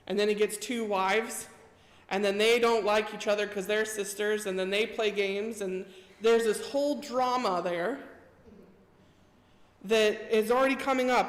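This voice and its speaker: Woman preaching in an echoey church. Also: fairly high pitch. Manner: retells scripture in a chatty storytelling way. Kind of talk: casual sermon. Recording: echoey church hall reverb.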